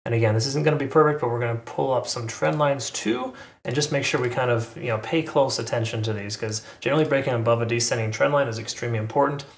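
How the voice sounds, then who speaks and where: A man's voice: medium pitch, fast talker, gravelly, echoey room. A man hosting a channel, casually talking through price charts with lots of fillers and self-corrections. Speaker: crypto channel host. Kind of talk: casual chart analysis commentary.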